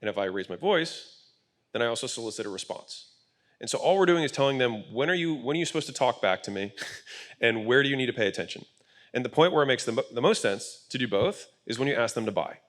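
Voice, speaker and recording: A man's voice: medium pitch, expressive, fast talker. A man speaking on stage at a business event, explaining his ideas in a blunt, emphatic way, with casual swearing. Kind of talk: conversational panel talk. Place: event stage with live audience.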